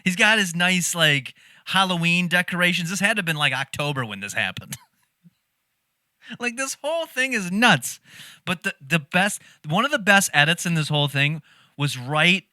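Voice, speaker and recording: Animated man laughing through a reaction. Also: high voice, moderate pace, no echo, studio quality. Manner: animated, laughs often, swears freely. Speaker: reaction video host. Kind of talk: casual reaction commentary.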